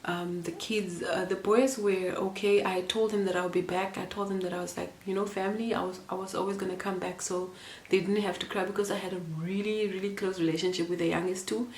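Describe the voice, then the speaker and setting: A woman's voice: mid-range voice, flat delivery, fairly quick, roomy sound, a little hiss or hum. A young woman from Namibia telling a personal story to camera in a casual, rambling and emotional way, with many fillers and restarts. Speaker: vlogger.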